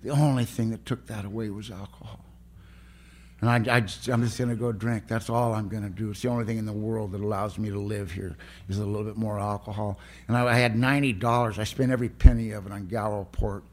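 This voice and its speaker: A man's voice: lowish voice, steady tone, fast. Earnest man telling a hard story. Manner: earnest, raw, plain-spoken storytelling. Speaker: recovery speaker. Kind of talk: storytelling talk at a recovery meeting.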